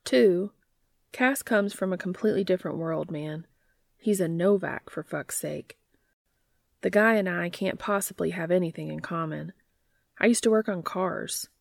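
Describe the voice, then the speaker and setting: A gruff older brother who speaks bluntly and curses when cornered, read by a woman in her own low voice. The tone is gravelly with a slight fry, the recording close and dry. It has the feel of a story read aloud. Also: normal speed, dry recording. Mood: exasperated. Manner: blunt, swearing. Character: exasperated gruff young man, older brother.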